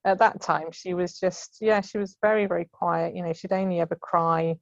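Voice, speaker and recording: A woman's voice: on the low side, steady tone, normal speed, vocal fry, no echo. A woman in her thirties chats from home over a remote call, laughing often and acting out the voices of others. The sound is dry and close, with a slightly dull, muffled call quality. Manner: chatty, laughs often, acts out quoted voices. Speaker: podcast guest. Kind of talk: casual storytelling.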